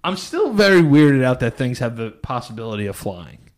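A man's voice: medium pitch, big pitch swings, normal speed. A man co-hosting a podcast in casual chat, telling stories playfully and laughing often. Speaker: podcast co-host.

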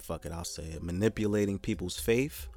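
Blunt, indignant man with a low voice. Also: fairly quick, warm tone, faint music behind. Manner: blunt and indignant, swears for emphasis. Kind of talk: casual chat.

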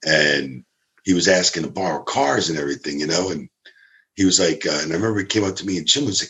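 A man with a gravelly, creaky voice tells a backstage story in a loose, casual way. He gets animated and often jumps up in pitch to act out the people he quotes. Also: quick pace. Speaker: former ring crew member telling stories.

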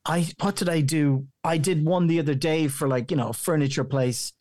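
A man's voice: on the high side, moderate pace, no room sound, clean studio sound. A talkative Irish man who works in radio and voice-over, chatting freely as an interview guest. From Ireland. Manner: chatty, rambling, animated. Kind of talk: conversational interview.

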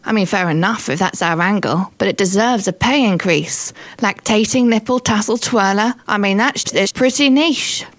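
A woman's voice: medium pitch, moderate pace, few pauses. Woman comedian, wry, self-deprecating, casual chat, faint music behind. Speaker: stand-up comedian.

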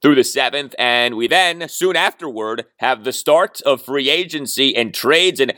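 A man hosting a sports podcast, talking solo with emphatic, animated delivery and sardonic asides. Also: mid-range voice, unhurried, no room sound. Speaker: podcast host. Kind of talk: sports talk podcast monologue.

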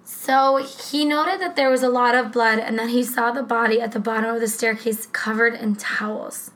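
A woman co-hosting a casual true-crime podcast, talking in a rambling, profane, animated way. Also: fairly high pitch, normal speed, rough recording. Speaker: podcast co-host.

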